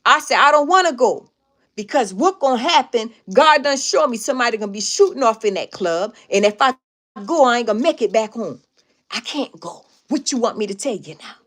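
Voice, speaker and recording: A woman live streaming, casually telling a story to her viewers in an emphatic, animated way with lots of repetition. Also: fairly high pitch, fairly quick.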